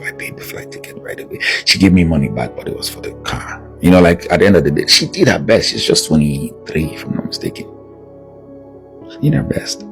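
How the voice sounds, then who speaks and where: A man's voice: low-pitched, creaky. A man talking bluntly and emphatically in a candid personal monologue, pressing his points harder as he goes. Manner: blunt and emphatic, rising to raised insistence. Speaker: video monologue host.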